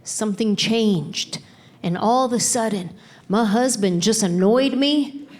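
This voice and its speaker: A middle-aged woman doing stand-up comedy on stage through a handheld mic, telling her stories in an exasperated, animated, playful way. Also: medium pitch, unhurried, noisy background. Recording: live comedy show with laughing crowd. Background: audience laughter and applause.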